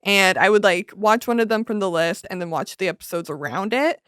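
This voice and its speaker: A woman hosting a podcast in casual chat, talking in quick, rambling runs and laughing often. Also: medium pitch, lively intonation, fairly bright tone, clean tone, no echo, studio quality. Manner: chatty, giggly, fast-running thoughts. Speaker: podcast host.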